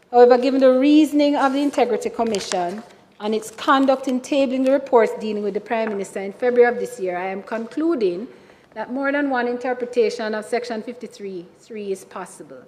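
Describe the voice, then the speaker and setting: Jamaican woman senator, measured and emphatic. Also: on the high side, a little mellow. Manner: measured and emphatic, repeatedly addressing the chair. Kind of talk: formal parliamentary speech. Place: senate chamber. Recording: reverberant chamber sound.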